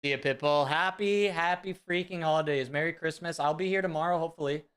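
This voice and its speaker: Male streamer, higher voice, smooth, excitable and rambling live-chat delivery. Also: fast talker. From Central California. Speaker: fitness streamer.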